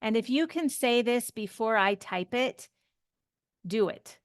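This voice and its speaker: A woman teaching an English grammar lesson, explaining slowly and patiently and often checking in with "okay?". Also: on the high side, animated, no room sound, clean studio sound.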